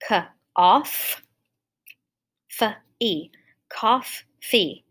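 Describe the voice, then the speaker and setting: A woman teaching a phonics lesson to young children, explaining each step slowly and patiently. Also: mid-range voice, fairly bright tone.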